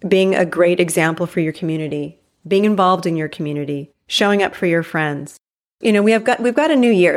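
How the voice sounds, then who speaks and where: A woman in her forties talks through a solo podcast episode in an upbeat, chatty way. Her voice sits a little low, and she leans hard on her main points, slowing right down to drive them home. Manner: upbeat, chatty and emphatic, slows down to stress key lines. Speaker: podcast host. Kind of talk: solo motivational podcast talk.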